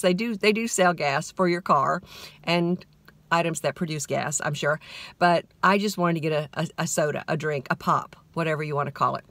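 A woman's voice: sits low, moderate pace, fairly bright tone, no room sound. Chatty middle-aged woman, dry close mic. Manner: rambling, chatty, self-deprecating humor. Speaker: podcast host. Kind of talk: casual monologue.

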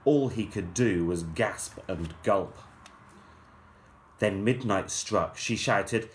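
Slow, playful teacher reading rhymes. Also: male voice, fairly low pitch. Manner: measured, playful storyteller. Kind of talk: reading a rhyming story aloud to children.

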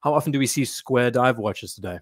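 This watch channel host talks fairly quickly in a husky, medium-pitched voice, wandering through his thoughts on a relaxed livestream. Between comments of his own, he reads chat messages aloud and responds to them, and the close, dry recording carries no room sound.

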